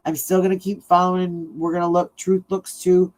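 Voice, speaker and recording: A woman's voice: on the low side, level tone, normal speed, a little mellow, rough recording. A middle-aged woman chats casually into a home microphone while hosting a livestream. She tells rambling stories and keeps breaking into laughter. Her talk is loose and friendly, with plenty of restarts. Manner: chatty, laughs often while telling stories. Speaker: true crime livestream host.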